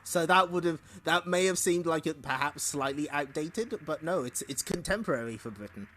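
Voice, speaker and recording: A man's voice: fairly high pitch, expressive, normal speed, pushed and bright. A man hosting a stream, chatting casually with asides between comic panels. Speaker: streamer host. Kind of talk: casual comic read-along commentary.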